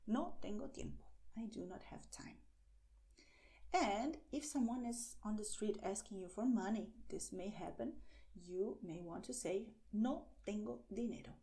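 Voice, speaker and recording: A woman who teaches language beginners, speaking with patience and lots of small "well" pauses. Her voice is mellow and soft-edged, sitting in a middle pitch, and she slows right down whenever she models a phrase.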